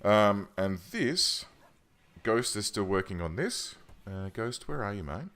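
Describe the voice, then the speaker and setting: In a room at home, a man with a lowish, fairly bright voice hosts a let's play, speaking slowly with big swings in pitch. He chats casually and thinks aloud while playing, often correcting himself mid-sentence.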